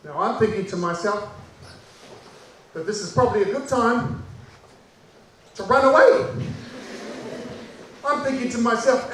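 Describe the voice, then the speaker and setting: A New Zealand man tells a childhood story with lively repetition and a notably high voice. He sounds far from the mic in a very echoey room. A faint hiss sits underneath. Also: normal speed, long pauses. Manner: animated, repeating lines for effect.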